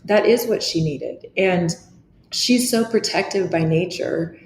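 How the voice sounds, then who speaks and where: A woman's voice: on the low side, a little slow. A middle-aged woman, a podcast guest, speaking earnestly and reflectively, often restarting her sentences. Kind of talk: candid interview talk. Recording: echoey room with faint noise.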